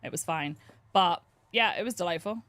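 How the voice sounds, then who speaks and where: A woman with a lowish voice talks at a normal speed, some slight background noise audible. She's playing a game on stream and chatting casually, an animated storyteller with a lot of laughter.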